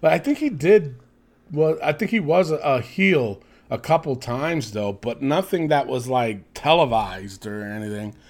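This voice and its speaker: A man's voice: medium pitch, animated, a little slow, a little mellow. A man co-hosting a podcast, rambling casually with many fillers and some swearing. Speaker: podcast co-host. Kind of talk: casual wrestling chat.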